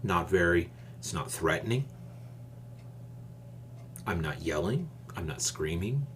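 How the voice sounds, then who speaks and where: A man hosting his own channel, giving advice in a calm, measured, deliberate casual monologue. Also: deep voice, slight background noise.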